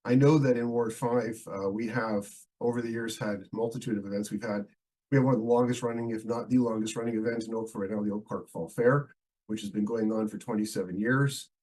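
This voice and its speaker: Man, councillor, husky voice, head cold, halting speech full of fillers, council debate. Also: lowish voice, fairly even intonation, darkish tone, poor audio. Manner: halting, many fillers and restarts. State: head cold, losing his voice. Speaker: town councillor. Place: council meeting.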